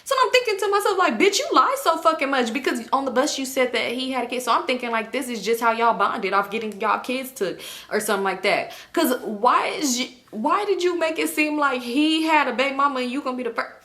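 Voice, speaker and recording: A young woman tells a messy storytime to her viewers in a bright, fairly high voice. She acts out everyone's lines, swearing freely as she goes. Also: a little fast. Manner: animated retelling with quoted voices and swearing. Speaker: storytime vlogger. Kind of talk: casual storytime.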